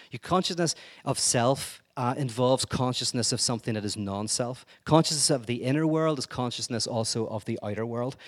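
A man giving an informal lecture in a conversational way, joking and acting out quoted speech. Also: mid-range voice.

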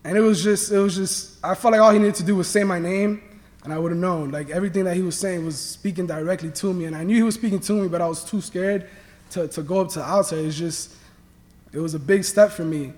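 Young man, high-pitched voice, earnest halting testimony, long hall reverb. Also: darkish tone. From Miami, Florida. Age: young adult. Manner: earnest, halting, many restarts and fillers. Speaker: student athlete sharing testimony. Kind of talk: personal faith testimony.

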